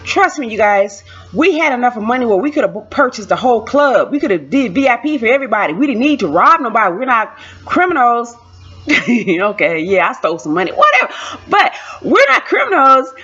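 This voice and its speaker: A woman vlogger telling a story in a chatty, animated way, repeating lines for emphasis, on a dull lo-fi recording. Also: on the high side, a little fast, breathy edge. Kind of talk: casual storytime.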